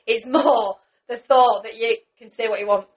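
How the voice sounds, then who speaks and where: A woman's voice: fairly high pitch, fairly even intonation, moderate pace. A woman co-hosting a casual chat podcast, talking things through in a chatty way. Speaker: podcast co-host.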